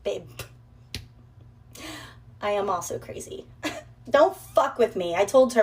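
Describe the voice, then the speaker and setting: A woman's voice: medium pitch, lively intonation, slow, pauses often, a little mellow. Brash, profane woman vlogger. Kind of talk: casual storytelling rant.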